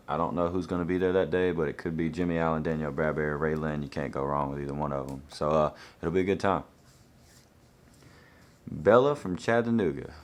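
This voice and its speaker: Very deep-voiced young man. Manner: laid-back, easygoing answers. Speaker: country singer answering fan questions. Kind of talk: casual Q&A, reading out fan questions.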